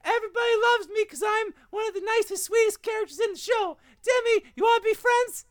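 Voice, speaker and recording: A man doing a sweet, eager cartoon girl in a squeaky falsetto, loud and slow. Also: no room sound, studio quality. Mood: gushing. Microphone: remote call mic.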